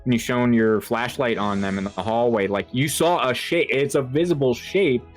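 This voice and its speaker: A man running a tabletop horror game as game master, talking in a halting way with lots of fillers and restarts. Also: medium pitch, soft background music.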